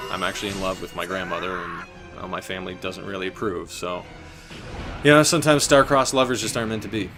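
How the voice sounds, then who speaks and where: A man in his twenties doing casual, rambling gameplay commentary with deadpan jokes, button clicks audible. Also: lowish voice. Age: 20s. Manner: joking, rambling, deadpan absurd asides. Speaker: gaming channel host. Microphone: desk mic with button clicks heard. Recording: game music under the voice. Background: game music.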